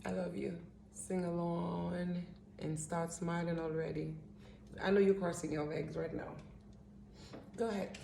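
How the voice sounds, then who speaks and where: A woman's voice: fairly low pitch, flat delivery, a little slow, creaky, pauses often, dark tone, slight background noise. A woman with a Haitian accent, speaking in a heartfelt personal holiday video message who often repeats and restarts her phrases. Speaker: pianist. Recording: roomy echo, faint instrument.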